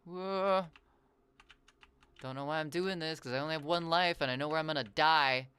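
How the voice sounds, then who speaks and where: A variety streamer chatting casually while gaming, rambling playfully, drifting into musing asides and reacting to chat with quick exclamations. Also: medium pitch, bright, forceful tone, smooth.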